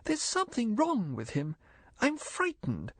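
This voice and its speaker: A man voicing a distraught, frightened female secretary in an audiobook reading, his voice pushed high and strained. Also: sing-song, brisk, no room sound.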